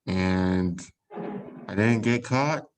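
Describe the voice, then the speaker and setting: A man with a very low voice chatting on a podcast. He talks in a relaxed, easygoing way and often backs up his co-host with quick murmurs. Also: poor audio. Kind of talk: casual chat.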